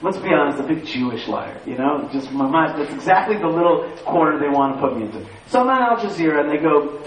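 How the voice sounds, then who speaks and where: A man telling stories to a live audience, animated, repeating phrases and quizzing the crowd. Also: a little high, fast. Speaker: speaker addressing an audience. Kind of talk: lively storytelling talk. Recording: echoey room, far from the mic, faint hiss.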